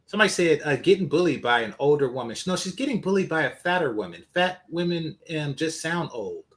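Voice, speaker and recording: Man, commentary host, scornful, profane, high animated pitch. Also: fairly quick. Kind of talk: reaction commentary.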